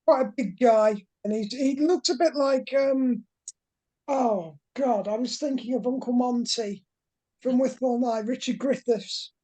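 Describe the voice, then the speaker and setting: Slow-talking woman, mellow. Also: on the high side. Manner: chatty, descriptive, laughs easily. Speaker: player. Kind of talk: tabletop role-play chat.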